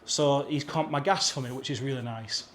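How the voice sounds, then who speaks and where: With slight background noise behind him, a young man from Britain speaks at normal speed in a fairly bright, medium-pitched voice with an English accent. A travel vlogger, he tells a chatty travel anecdote to camera and acts out the dialogue.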